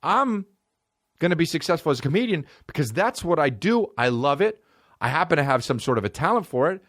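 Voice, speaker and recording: A man hosting a comedy podcast, ranting profanely and swinging between excited highs and low mutters. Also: brisk, no echo, clean studio sound. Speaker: podcast host. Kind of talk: solo comedy podcast rant.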